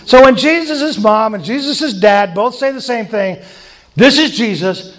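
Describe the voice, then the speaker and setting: A man's voice: extremely high pitch, animated, measured pace, fairly bright tone. A man preaching an informal sermon, conversational, with chuckling asides and emphatic repetition.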